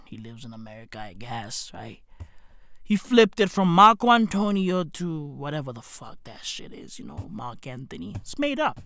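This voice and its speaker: A woman's voice: rumbling low, dry recording, studio quality. A woman delivering a rambling, profane comedic rant as a podcast host. She uses a lot of slang and keeps tossing in "right?" as she goes. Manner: slangy, calls listeners "bruv".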